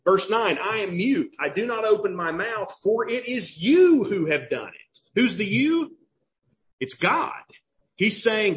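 A man's voice: high voice, expressive, takes it slowly. A man with a Southern US accent preaching a sermon as pastor, emphatic and questioning, repeating key phrases.

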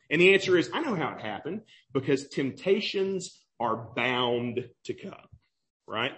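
Young male preacher, fairly high voice, conversational sermon style. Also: big pitch swings, normal speed, a bit bright. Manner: conversational preaching, asks the room "right?" and "okay?". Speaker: pastor.

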